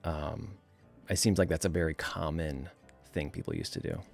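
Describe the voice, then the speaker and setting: A man's voice: very deep voice, normal speed, creaky, soft background music. A man with a New England accent hosting a casual livestream, reading viewer comments aloud and chatting easily, with frequent laughs and fillers. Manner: relaxed, chatty, laughs often, many fillers. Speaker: livestream host.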